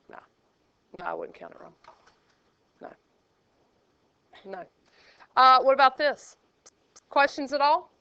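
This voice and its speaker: A woman's voice: high-pitched, bright, forceful tone, clean tone. A woman math teacher, teaching a classroom and joking with her students. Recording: dull lo-fi classroom recording.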